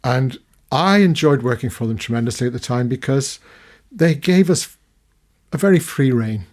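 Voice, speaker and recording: An older man, a retired documentary filmmaker from the United Kingdom, recounting his career as a guest in a long-form radio studio interview, animated and full of restarts. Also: mid-range voice, moderate pace. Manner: storytelling, animated when recounting, many restarts.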